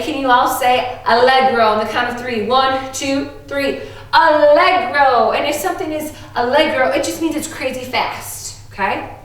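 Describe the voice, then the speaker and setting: Bubbly lady music teacher talking slow to kids, super echoey room, mic kinda far off. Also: sits high, a bit bright. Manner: upbeat, playful, exaggerated teacher voice. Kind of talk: online music lesson for children.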